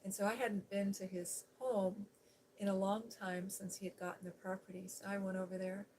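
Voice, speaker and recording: Soft-spoken middle-aged woman telling a story. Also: medium pitch, level tone, normal speed, a little hiss or hum, rough recording. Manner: soft-spoken, chatty with fillers. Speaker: ASMR host. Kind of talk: softly spoken personal storytelling.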